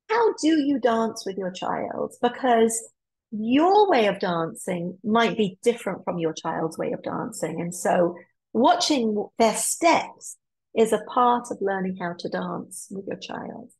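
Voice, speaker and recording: A woman's voice: fairly high pitch, expressive, unhurried, gravelly, darkish tone, slightly rough, low-quality recording. A woman child psychologist gives a webinar talk to parents on a computer mic, explaining her points and acting out example dialogues. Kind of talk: lecture to parents.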